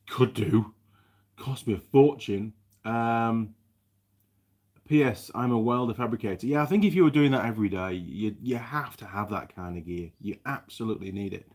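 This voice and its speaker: Low-voiced chatty man. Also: moderate pace, a little mellow. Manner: chatty and rambling, with many restarts. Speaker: live stream host, mechanic. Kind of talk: casual live chat reading viewer comments.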